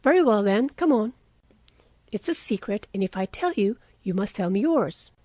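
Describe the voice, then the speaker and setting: A woman voicing a teasing, good-natured wealthy young man in an audiobook reading, with a lively, coaxing way of talking. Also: medium pitch, moderate pace, no echo, natural voice.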